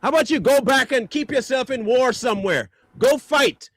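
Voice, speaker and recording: A man's voice: very high-pitched, animated, normal speed, a bit bright, no echo. A man hosting a stream, delivering an angry, mocking reaction rant full of insults. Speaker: stream host.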